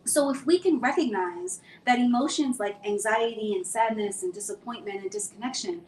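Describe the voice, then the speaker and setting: A woman psychologist guest on a panel, explaining her points in a measured way. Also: medium pitch, a little mellow, echoey room, a little hiss or hum, low-quality recording.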